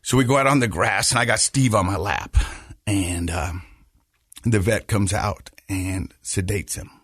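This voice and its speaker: Husky-voiced man telling a story haltingly. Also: fairly low pitch, a bit bright, no echo, studio quality. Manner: halting, repeats words while telling, laughs through lighter moments. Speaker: podcast host. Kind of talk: personal storytelling in casual chat.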